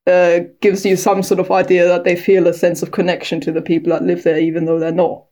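A woman's voice: fairly low pitch, monotone, brisk, dark tone. A woman, a guest historian and author, explaining at length in long winding sentences in a conversation. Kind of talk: expert conversation.

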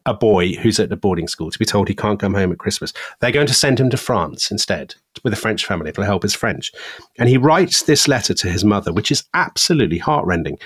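A man's voice: fairly low pitch, fairly quick, breathy edge, dry recording. A man co-hosting a history discussion, telling stories with relish and frequent chuckles. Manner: lively storytelling, chuckles often. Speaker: podcast co-host.

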